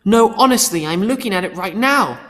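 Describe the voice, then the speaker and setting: An excited young man, pitched up and breathless with eagerness, as a reader acts him. His voice leaps about. It rings in a long hall reverb. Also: a little fast.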